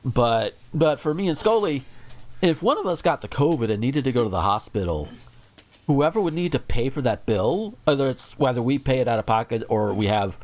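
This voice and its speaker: Animated, profane ranting male podcast host. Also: mid-range voice, brisk. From United States. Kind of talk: casual ranting chat.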